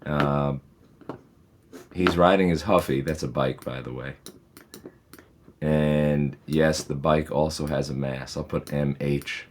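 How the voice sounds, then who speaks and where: A man's voice: a bass voice, fairly even intonation, takes it slowly, long pauses, slight background noise. A man, a physics teacher, patiently and methodically walks through homework problems in a recorded lesson, with reassuring asides.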